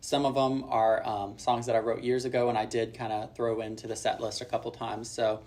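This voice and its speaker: A young man from Kentucky, a singer-songwriter, reading out fan questions and answering them in a relaxed, friendly way with plenty of ums. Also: mid-range voice, fairly quick.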